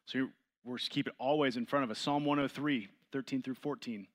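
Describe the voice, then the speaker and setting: Speaking at a brisk pace in a steady tone, a man teaches a Bible study by reading scripture and explaining it with questions to the group. His voice rises higher and louder on the points he stresses.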